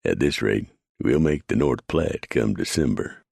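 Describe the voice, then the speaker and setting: A man's voice: rumbling low, lively intonation, measured pace, creaky, darkish tone, husky, dry recording, clean studio sound, exaggerated voice. A man voicing a wary, plainspoken frontier scout with folksy speech.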